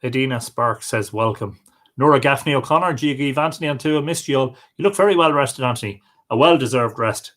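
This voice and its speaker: Male host, friendly, casual, mid-range pitch, reads out comments and greets viewers by name on a webcam stream. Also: fairly quick, fairly bright tone. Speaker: livestream host.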